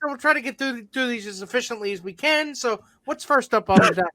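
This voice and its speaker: A man's voice: very high voice, a little fast, a crowd in the background. Loose, joking podcast man. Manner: loose and joking, swears casually. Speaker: podcast co-host. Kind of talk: casual sports chat.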